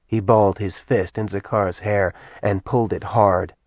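A man reading a novel aloud in measured, even scripted narration. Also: fairly low pitch, no room sound. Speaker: audiobook narrator.

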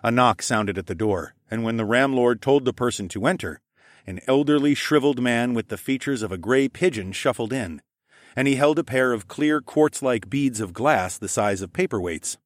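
A man narrating a fantasy audiobook in the first person, expressive and wry. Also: mid-range voice, normal speed, dry recording, studio quality.

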